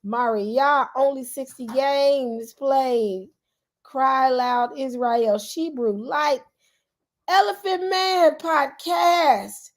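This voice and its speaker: A woman's voice: high voice, extremely slow. A woman, chatting casually with her livestream viewers and greeting them by name. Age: 40s. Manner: chatty and animated, calls out to viewers, frequent "y'all". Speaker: YouTube channel host.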